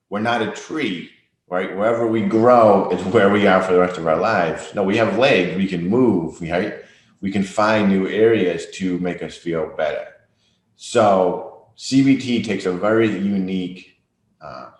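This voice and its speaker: Deep-voiced man explaining therapy in an echoey room. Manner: conversational, frequent tag "right?"; acts out inner thoughts in examples. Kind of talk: informal educational talk.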